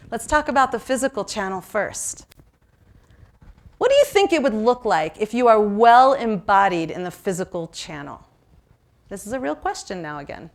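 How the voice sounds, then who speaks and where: A woman from New York leading an interactive seminar, talking lively and asking the audience questions. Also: on the high side. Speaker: workshop presenter.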